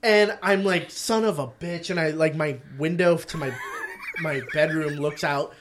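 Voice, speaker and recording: A man's voice: on the high side, unhurried, noisy background. A young man co-hosting a casual comedy podcast, telling a story with lots of swearing and laughter. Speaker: podcast co-host.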